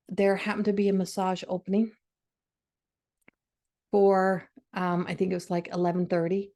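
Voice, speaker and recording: Speaking fairly quickly in a dark, low-leaning voice with flat delivery, a middle-aged woman hosts a podcast. She recounts a personal story with emotion and a conversational feel, frequently starting over mid-thought.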